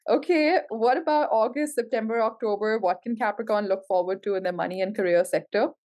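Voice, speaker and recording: Tarot reader, female, effusive and emotional, calls out cards with excited exclamations. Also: mid-range voice, a little fast. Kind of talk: tarot reading to camera.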